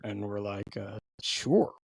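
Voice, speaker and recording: A man's voice: on the low side, lively intonation, slow pace, darkish tone, breathy edge, no echo. A man co-hosting a podcast, telling a long story in casual chat, full of fillers and restarts. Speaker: podcast co-host.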